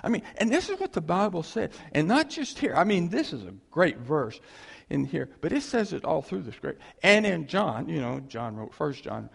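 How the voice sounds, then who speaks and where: A man's voice: on the high side, big pitch swings, moderate pace, vocal fry, slightly rough, in a large hall. A man preaching a sermon in a conversational way, repeating phrases for emphasis.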